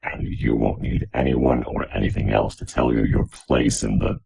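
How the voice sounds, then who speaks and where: A man voicing a hovering robot orb, deep and mechanical, earnest and lecturing. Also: fairly even intonation, moderate pace, creaky, dark tone, slightly rough, no echo, exaggerated voice, rough recording. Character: Watcher speaking through a hovering robot orb.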